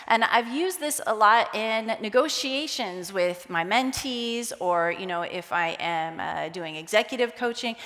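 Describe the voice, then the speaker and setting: Lively woman speaker in a reverberant hall. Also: on the high side. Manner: lively, acts out quoted voices. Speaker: conference speaker. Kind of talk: conference talk. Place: conference hall.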